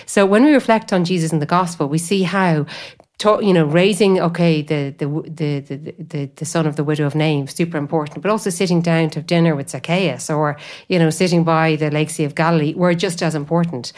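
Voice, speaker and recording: A woman guest talking about faith in a relaxed conversation, rambling and leaning on "you know" as she thinks aloud. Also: low voice, fairly quick. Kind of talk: conversational spiritual talk.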